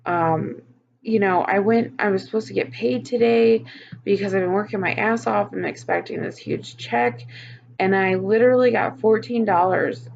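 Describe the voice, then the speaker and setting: A woman with a gravelly edge to her voice, venting openly in a personal vlog and swearing freely. The recording sounds a bit muffled. Faint hiss sits underneath. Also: mid-range voice, a little mellow. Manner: frank, swears often, venting. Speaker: vlogger.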